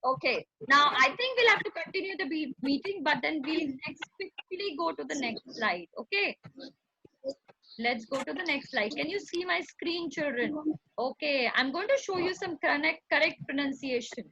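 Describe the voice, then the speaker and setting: A woman's voice: sits high, lively intonation, moderate pace, sharp tone, dull audio, a little hiss or hum. A woman with an Indian English accent teaching an online class, coaxing and drilling words by repeating them. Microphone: video call.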